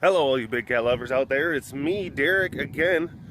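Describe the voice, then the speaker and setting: A man's voice: mid-range voice, moderate pace, fairly bright tone, slight background noise. A man from Wisconsin hosting a casual webcast outdoors at an animal compound, talking into a handheld phone in a rambling way that repeats itself. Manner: rambling, repeats himself, coos baby talk at the cats. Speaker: vlog host at a big cat sanctuary.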